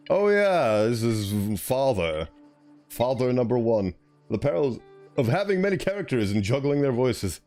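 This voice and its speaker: A man's voice: medium pitch, sing-song, a little slow, a little mellow, soft background music. A young man chatting casually while streaming a video game, rambling and laughing at himself. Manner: rambling, self-mocking, giggly. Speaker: VTuber streamer.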